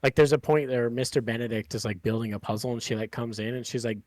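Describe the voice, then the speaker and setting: A man's voice: mid-range voice, steady tone, quick pace, a little mellow. A man hosting a podcast, chatting casually in a rambling way with lots of fillers and swearing. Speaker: podcast host.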